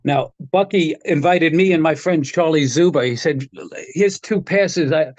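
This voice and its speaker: A man's voice: a little high, a little slow, darkish tone, no room sound, muffled recording. An older man, a guitar technician, telling rambling stories in casual chat, often chuckling and restarting his sentences.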